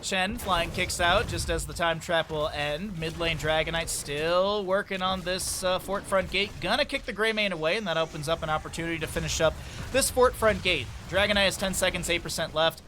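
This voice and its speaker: Young male caster, slightly high voice, chatty and excitable, headset over faint game sounds. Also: moderate pace, slight background noise. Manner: chatty, jumps from banter to excited play-by-play. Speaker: esports caster. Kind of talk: solo game commentary.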